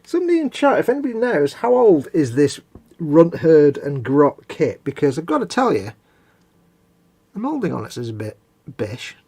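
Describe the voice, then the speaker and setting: Male co-host, a husky, slightly high voice, and a rambling chatty delivery. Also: huge pitch swings, normal speed, a little mellow, no echo. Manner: rambling, chatty, trailing off mid-thought. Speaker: co-host of a model-building live stream. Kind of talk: casual chat.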